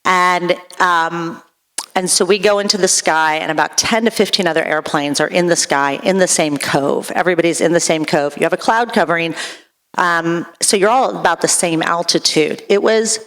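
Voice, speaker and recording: A woman telling a rambling true story to a theatre audience, restarting sentences and jumping up in pitch when excited. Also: moderate pace. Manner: animated, voice leaps up when excited. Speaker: storyteller on stage. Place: theatre stage. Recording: long theatre reverb.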